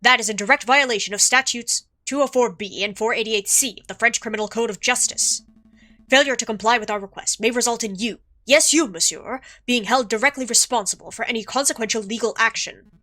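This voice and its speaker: Confident bird attorney, bright, commanding legalese, woman reading. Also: on the high side. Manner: brisk, authoritative bluffing legalese. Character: sharp confident male bird defense attorney. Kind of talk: reading game dialogue aloud.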